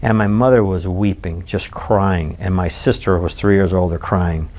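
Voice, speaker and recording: A man in his sixties from Michigan, recalling his childhood in an oral history interview with animated, emphatic storytelling. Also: sits low, normal speed. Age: 60s.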